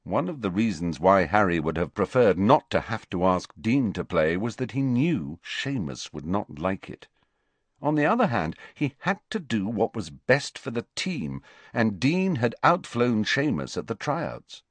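A man narrating a novel with a lower voice and animated, expressive intonation. His storytelling is measured and clear. The recording is dry and close. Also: no echo. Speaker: audiobook narrator. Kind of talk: scripted narration.

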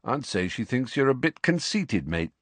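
A man's voice: medium pitch, sing-song, normal speed, no room sound. A man voicing a wry, laid-back teenage boy in an audiobook, speaking in an offhand, dry way. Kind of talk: audiobook character reading.

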